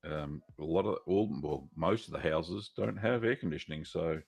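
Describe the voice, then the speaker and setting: A man's voice: low-pitched, normal speed, gravelly, husky. A middle-aged Australian man hosting a live cheese-making Q&A stream, chatting casually with many fillers and greeting viewers by name.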